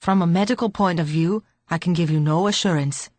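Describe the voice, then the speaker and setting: A man's voice: high-pitched, fairly quick, a little mellow, no room sound, close to an everyday voice. A woman voicing an earnest, courteous young male doctor who speaks in polite, formal sentences.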